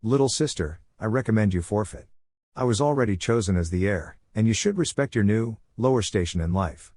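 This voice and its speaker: A man's voice: on the low side, expressive, a little fast, darkish tone, dry recording, clean studio sound. A man reading the lines of a cold, condescending noble teenage girl. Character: cold haughty noble teen girl heir.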